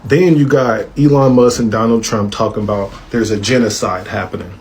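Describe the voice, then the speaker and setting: A man's voice: lowish voice, steady tone, moderate pace, darkish tone. A man giving indignant commentary straight to camera, stretching out words for emphasis. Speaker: social media commentator.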